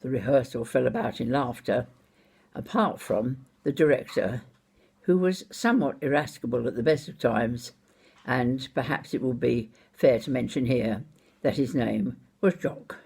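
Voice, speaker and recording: An older Scottish woman telling a personal anecdote in an unhurried, wry and expressive way. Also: extremely low pitch, vocal fry, slightly rough. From Scotland. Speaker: storyteller.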